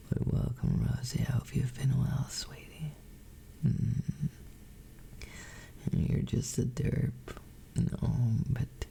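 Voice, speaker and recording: A man streaming a whispered role-play, greeting his chat in slow, doting whispers and calling them sweetheart. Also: medium pitch, creaky, mellow.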